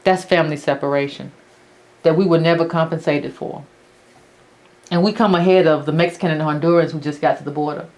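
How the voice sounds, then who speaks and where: A woman's voice: low voice, fairly even intonation, fairly quick, darkish tone. A woman hosting a political commentary monologue who speaks bluntly and sarcastically. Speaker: host of a political commentary channel.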